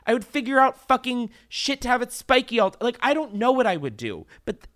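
Lively young woman venting on a podcast. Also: fairly high pitch, a little fast. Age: 20s. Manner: expressive, swears freely, laughs often. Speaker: podcast co-host. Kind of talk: casual chat.

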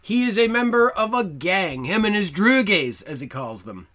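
A man's voice: high voice, sing-song, normal speed, a bit bright. A man co-hosting a podcast, casually recapping a film with stammering restarts. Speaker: podcast co-host.

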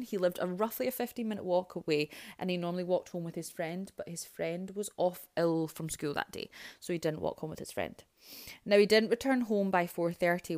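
A woman's voice: fairly low pitch, clear, resonant tone. Chatty woman hosting a podcast. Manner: chatty, with asides and self-corrections. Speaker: podcast host. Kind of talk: casual true-crime storytelling.

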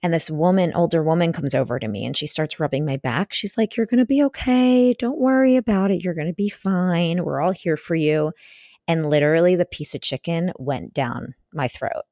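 A woman's voice: deep voice, normal speed, a little mellow, no echo, clean studio sound. A woman in her thirties hosting a casual solo podcast, telling a personal story in a chatty way, with many fillers and restarts. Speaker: podcast host.

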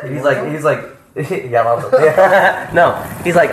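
A young man telling a story among friends in casual chat, rambling and profane, acting out quotes loudly. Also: mid-range voice, lively intonation, moderate pace, hardly any pauses, a little hiss or hum. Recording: echoey room.

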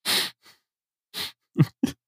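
A man's voice: drawn-out words, bright, forceful tone, dry recording, clean studio sound. A man co-hosting a casual podcast, talking thoughtfully with hedges and restarts. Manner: thoughtful, hedging, frequent fillers and restarts. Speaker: podcast co-host.

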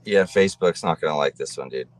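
Man, rock musician co-host, deep voice, laid-back chat, slight stammers. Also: fast, a little hiss or hum. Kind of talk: casual podcast chat.

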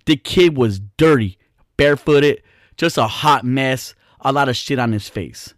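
A man telling a casual, profane story with an animated, exaggerated sense of disgust. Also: medium pitch, unhurried, dry recording, clean studio sound.

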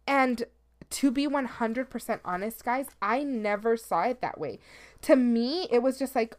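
A woman's voice: fairly high pitch, measured pace. A woman in her thirties hosting a casual solo podcast, talking candidly and swearing freely, slipping into the odd Spanish phrase, a little sleepy. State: sleepy, yawning. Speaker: podcast host.

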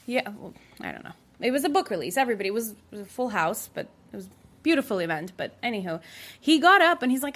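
A woman talking in a casual chat as a guest author, lively, acting out other people's lines as she tells stories. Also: mid-range voice, brisk. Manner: animated, acts out quoted people in raised voices.

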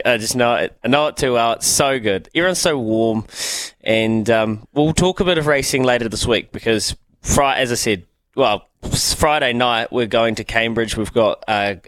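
A man's voice: mid-range voice, fairly bright tone, no room sound. A man hosting breakfast radio, talking enthusiastically and steering the show. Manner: enthusiastic, upbeat show-running. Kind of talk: casual radio chat.

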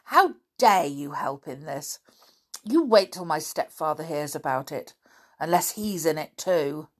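A woman's voice: sits low, animated, a little slow, husky, full character voice. A woman voicing a bold, indignant schoolboy held prisoner, in a storybook reading. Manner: indignant, accusing.

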